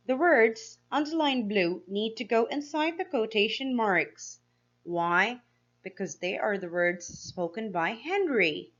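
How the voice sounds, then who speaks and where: A woman teacher giving a slow, clear grammar lesson to young pupils, asking them questions as she explains each step. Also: fairly high pitch, a bit bright, lo-fi sound. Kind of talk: grade-school grammar lesson.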